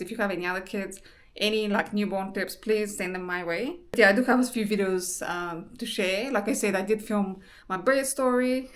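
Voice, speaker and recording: Young woman, casual vlogger, chatty, informal, filler-heavy delivery. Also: medium pitch. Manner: chatty, many fillers and restarts. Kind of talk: casual chat.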